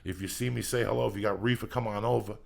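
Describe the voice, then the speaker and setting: A middle-aged male podcast host with a low, deeply gravelly voice and a husky edge. He talks fast, loud and profane, rambling through comedic banter. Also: fairly even intonation. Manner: loud, rambling, heavy swearing, gravelly and raspy.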